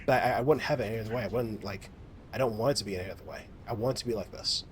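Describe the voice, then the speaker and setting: The voice is male, on the low side, and racing, with a bit of noise in the background. He's a U.S. gaming vlogger rambling casually as he plays, swearing constantly, filling gaps with fillers and restarting his sentences again and again.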